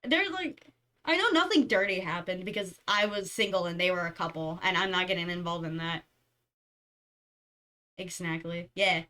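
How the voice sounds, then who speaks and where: A woman's voice: lowish voice, a little fast, bright, forceful tone. A young woman streamer chatting casually, rambling through stories and giggling often. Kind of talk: casual chat.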